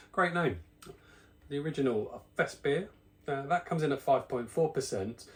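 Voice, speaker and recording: Casting: man from the UK, mid-pitched everyday voice, rambling casual beer-review host, a little breathless. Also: moderate pace. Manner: chatty, rambling, self-deprecating asides. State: slightly out of breath.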